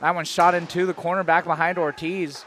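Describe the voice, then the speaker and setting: High bright-voiced hockey play-by-play man. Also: flat delivery, slight background noise. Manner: rapid calls that jump to shouts on shots and goals. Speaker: play-by-play commentator.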